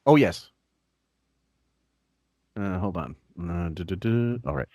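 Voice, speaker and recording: A man hosting a podcast in casual chat, laughing often, swearing freely and dropping his voice low for asides. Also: expressive, slow pace, a little mellow, dry recording, studio quality. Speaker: podcast host.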